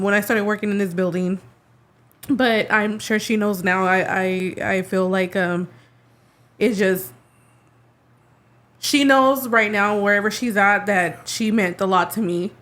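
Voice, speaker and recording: A woman's voice: mid-range voice, a bit bright. A woman, co-hosting a podcast into a studio mic. She is tearful and talks in a rambling, heartfelt way, full of fillers and restarts. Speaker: podcast co-host. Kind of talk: casual podcast chat.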